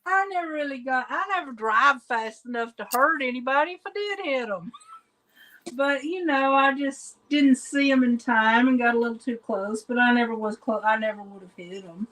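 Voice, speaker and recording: High-voiced woman with dry jokes. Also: normal speed, fairly bright tone. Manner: dry, joking storyteller. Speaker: guest on a live stream. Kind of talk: casual live chat.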